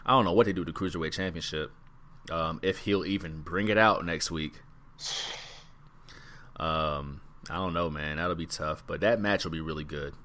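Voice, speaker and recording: This man co-hosts a casual wrestling podcast, musing in a laid-back way and trailing off with ums. His voice is extremely low-pitched and sharp, delivered at normal speed.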